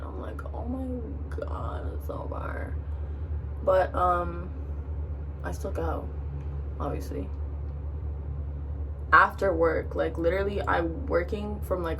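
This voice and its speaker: A young woman, a college freshman, telling a profane, animated story to the camera while doing her makeup. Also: mid-range voice, recorded from a distance, a little hiss or hum. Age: young adult. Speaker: vlogger. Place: in front of a mirror, doing makeup. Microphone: camera a short distance away.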